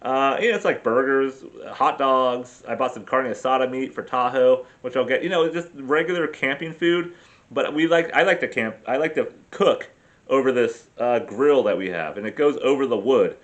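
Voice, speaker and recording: A man talks loosely and at length, with plenty of swearing and self-mocking asides. His pitch sits in the middle range for a man. He speaks in a casual, unscripted vlog style. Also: normal speed, fairly bright tone. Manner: profane, rambling, self-deprecating storyteller. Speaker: vlogger. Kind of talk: rambling casual travel vlog.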